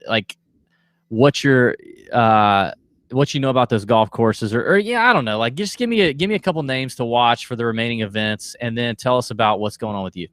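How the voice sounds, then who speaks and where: A man's voice: mid-range voice, fairly quick, fairly bright tone, no room sound. A man hosting a golf podcast, asking loose questions with many restarts and fillers. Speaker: podcast host. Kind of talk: casual chat.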